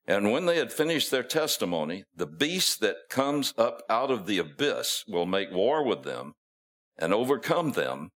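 Retelling scripture with folksy flair, a preacher acts out the quotes and laughs at his own asides. His voice sits on the low side with a fairly bright tone.

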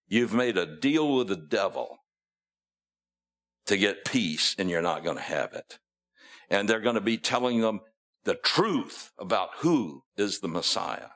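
Male preacher, low and unhurried, casual storyteller who chuckles at his asides. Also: a bit bright. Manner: folksy storytelling, acting out quotes. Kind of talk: sermon.

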